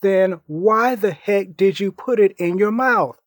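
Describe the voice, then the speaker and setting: A man doing a sharp-tongued exasperated woman. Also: high-pitched, measured pace, no room sound, studio quality, pitched above the performer's own voice.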